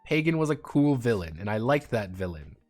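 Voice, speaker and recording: A man's voice: mid-range voice, brisk, faint music behind. A man streaming and chatting casually about games, rambling and swearing freely. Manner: rambling, profane, animated. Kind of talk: casual livestream chat.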